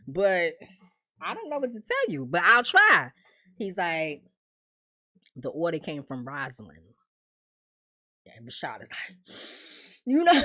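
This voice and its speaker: A woman's voice: medium pitch, fairly bright tone. A woman casually recapping a TV episode in AAVE slang, acting out the characters' lines as she goes. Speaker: TV recap host.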